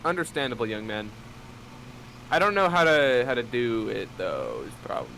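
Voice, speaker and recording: An American man with a bright, sharp voice and lively pitch. He trades dry, sarcastic remarks and casual swearing in gaming banter. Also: normal speed, creaky, slight background noise, low-quality recording. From United States. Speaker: streamer.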